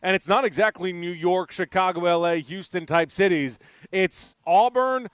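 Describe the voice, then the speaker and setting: A male sports radio host chatting live from a remote event, rambling animatedly from story to story. His voice is smooth and clear and sits slightly high, with a dry, close sound. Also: normal speed, a bit bright, dry recording. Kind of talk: casual on-air chat. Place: live remote broadcast at a park venue.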